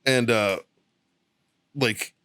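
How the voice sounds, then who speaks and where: A man's voice: medium pitch, very slow, bright, forceful tone, smooth, dry recording. Profane rowdy man. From South Boston. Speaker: podcast co-host. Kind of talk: casual storytelling.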